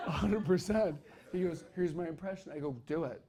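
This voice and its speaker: A stand-up comedian telling a story on stage, acting out the people in it. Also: male voice, sits high. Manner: animated, acts out the people in his story. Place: comedy club stage with a laughing audience.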